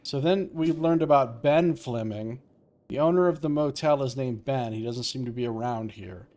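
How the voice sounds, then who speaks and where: A man's voice: mid-range voice, moderate pace, warm tone, slight background noise. A man commentating live on a video game he is playing, chatty and musing as he talks through what happens. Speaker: let's play commentator. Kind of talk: live-streamed gameplay commentary.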